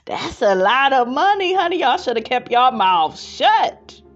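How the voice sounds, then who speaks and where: A woman's voice: high-pitched, very animated, unhurried, muffled recording, soft background music. A woman hosting a gossip commentary on reality TV, reading viewer comments in a sassy way and calling everyone honey. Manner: sassy, calls listeners honey, prone to laughing fits.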